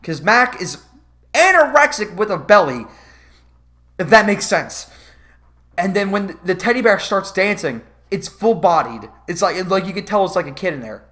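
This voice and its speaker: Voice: mid-range voice, normal speed. A vlogger ranting about a movie in a casual comedic review, swearing often and laughing. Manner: profane, animated, laughing.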